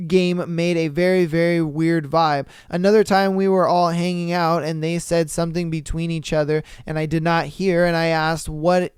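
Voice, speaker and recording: A man's voice: on the high side, little pitch movement, normal speed, hardly any pauses, clean tone, no room sound, studio quality. A man hosting a podcast who reads a listener's story aloud, then comments on it bluntly and animatedly, swearing casually. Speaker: podcast host.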